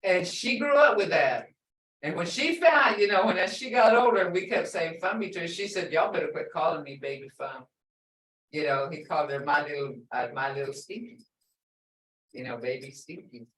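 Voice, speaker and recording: A woman's voice: lowish voice, expressive, moderate pace, fairly bright tone, slight background noise. An older woman teaching a language lesson, stretching out example words for emphasis. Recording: echoey room, voice far from mic.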